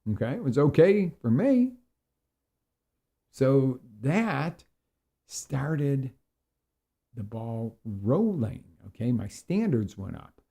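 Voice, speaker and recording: Gravelly man, middle-aged, motivational coach, jokey, animated, lively pitch. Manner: animated, jokey, acts out quick voices. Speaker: small business and health coach. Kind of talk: live motivational talk.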